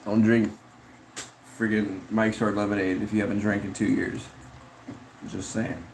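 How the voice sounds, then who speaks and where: A man's voice: fairly low pitch, little pitch movement, a little slow, a little hiss or hum, rough recording. A man chatting casually on a livestream, reading chat in a rambling, slangy way with frequent laughs.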